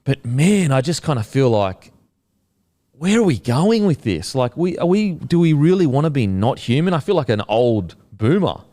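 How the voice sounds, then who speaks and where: An Australian man hosting a casual podcast chat, jokey and quick with asides. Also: medium pitch, sing-song, mellow. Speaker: podcast host. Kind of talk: casual chat about football tips.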